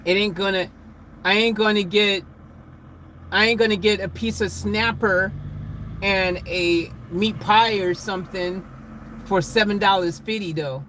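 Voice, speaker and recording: Guy with a high voice vlogging in his van, chatty, bit of road noise behind. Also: measured pace. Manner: chatty, laughs, excited bursts. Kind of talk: casual live vlog chat with viewers.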